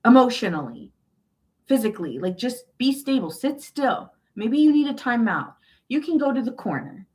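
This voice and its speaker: A woman's voice: fairly high pitch, sing-song, normal speed, darkish tone. A woman giving a casual tarot reading, talking in a chatty, emphatic way, restarting and repeating phrases and turning blunt and exasperated. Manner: blunt and exasperated, swears in quoted asides. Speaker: tarot reader.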